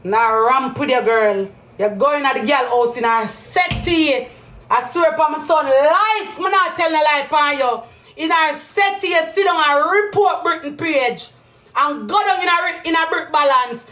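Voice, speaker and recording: A woman with a Jamaican accent on a heated live-stream rant, repeating accusations and breaking into loud outbursts. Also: high-pitched, unhurried, roomy sound.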